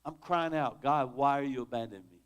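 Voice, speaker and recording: A man's voice: mid-range voice, fairly quick, clear, resonant tone. A man leading a church Bible study, teaching in a conversational, dramatic way and reading scripture with feeling. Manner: dramatic, conversational, rises sharply on quoted laments.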